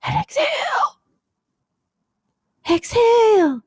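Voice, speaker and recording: A woman's voice: extremely high pitch, big pitch swings, slow pace, dark tone, voice pushed up, exaggerated voice. A woman putting on an exaggerated, teasing, seductive relaxation guide voice. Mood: sultry.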